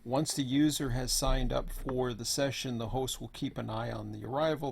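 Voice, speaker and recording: A hoarse man who is losing his voice gives a rambling, offhand walkthrough as host of an online server. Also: mid-range voice, a little hiss or hum. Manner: rambling, offhand, says "blah, blah, blah". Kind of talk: casual screen walkthrough.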